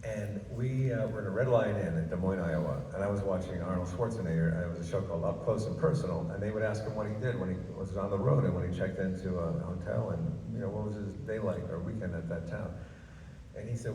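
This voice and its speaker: A man's voice: lowish voice, quick pace, mellow. An older man, a comedian, telling stories on stage in a chatty, self-amused way, in a large ballroom. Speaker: guest comedian. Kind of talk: storytelling on stage. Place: large ballroom at a book festival. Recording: echoey hall, far from mic, noisy.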